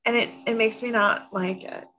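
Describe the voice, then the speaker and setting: A woman's voice: fairly high pitch, fairly even intonation, moderate pace, sharp tone. A woman co-hosting a podcast, recapping a TV episode in casual chat, thoughtful and often correcting herself mid-sentence. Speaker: podcast co-host.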